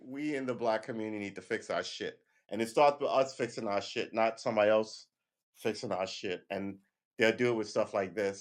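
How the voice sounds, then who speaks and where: A man's voice: on the low side, normal speed. A man hosting a casual livestream, ranting with heated emphasis, swearing often and checking in with "right?" between points. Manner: keeps asking "right?" and laughs between points. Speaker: livestream host.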